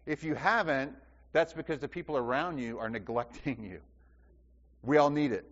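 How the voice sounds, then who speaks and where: A man's voice: medium pitch, moderate pace. A man preaching a sermon, asking the congregation questions and repeating phrases for emphasis. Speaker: pastor. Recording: dull sound with long hall reverb.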